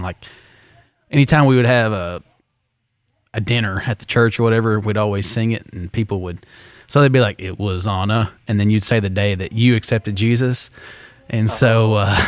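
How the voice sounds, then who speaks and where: A man's voice: on the low side, dry recording. A man co-hosting a church podcast, chatting casually and dropping dry, joking asides. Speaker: podcast co-host. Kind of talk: casual chat.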